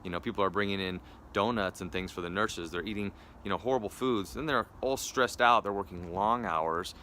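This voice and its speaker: A male wellness coach pitches his program with upbeat, persuasive energy. His voice sits a little low but sounds bright and forceful. Casual fillers slip in as he talks straight to viewers. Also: a little fast, slight background noise. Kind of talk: direct sales pitch to viewers.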